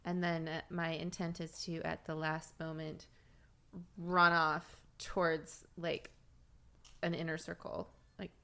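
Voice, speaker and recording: A woman's voice: sits low, little pitch movement, slow, vocal fry, fairly bright tone. A woman player describing her character's actions in a tabletop game, with many fillers. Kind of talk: casual tabletop role-play.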